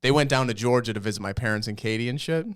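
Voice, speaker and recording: A man's voice: medium pitch, rapid-fire, clean tone, dry recording, clean studio sound. A man co-hosting a comedy podcast, chatting casually and telling profane stories, acting out the people he quotes. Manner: profane storytelling, acts out quotes. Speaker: podcast co-host. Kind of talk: casual chat.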